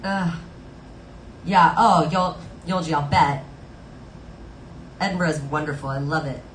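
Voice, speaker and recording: A woman's voice: low-pitched, moderate pace, slight background noise. Chatty woman streamer, roomy echo. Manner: chatty, bubbly, fillers like "like". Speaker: live streamer and singer. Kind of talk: casual chat with viewers between songs. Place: Los Angeles home.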